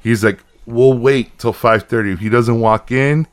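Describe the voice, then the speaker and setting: A man's voice: mid-range voice, normal speed, smooth. A man in his thirties, a podcast co-host, telling a story in casual chat, acting out both sides of a conversation and swearing when worked up.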